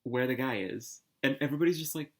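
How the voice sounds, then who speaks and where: A man's voice: medium pitch, fast talker. Rambling man telling a funny story. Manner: rambling, animated, heavy use of "like" and restarts. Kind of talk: casual anecdote telling.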